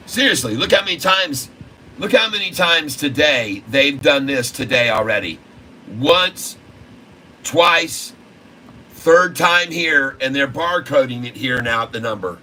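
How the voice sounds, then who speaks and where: A man's voice: medium pitch, bright, forceful tone, slight background noise, poor audio. A man commenting live on a stock chart as a day-trading streamer, stressing each point by saying it again in slightly different words. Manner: emphatic, repeats phrases for stress.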